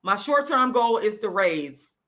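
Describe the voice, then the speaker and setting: A woman from Florida, hosting her own channel and ranting angrily into the camera with loud, profane, repetitive emphasis. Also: mid-range voice, expressive, measured pace. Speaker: YouTube channel host. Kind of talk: angry direct-to-camera rant.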